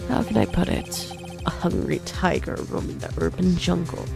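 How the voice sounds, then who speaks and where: A jittery young defense lawyer, played by a woman, who stammers and trails off in a hushed, lowered voice. Faint game music hums behind him. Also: close to an everyday voice. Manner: stammering, hesitant.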